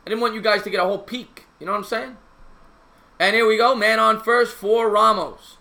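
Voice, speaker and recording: A man calling a baseball game play by play on his live stream, chatting with viewers in a casual, slangy, excitable way. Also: sits high, a little fast, creaky.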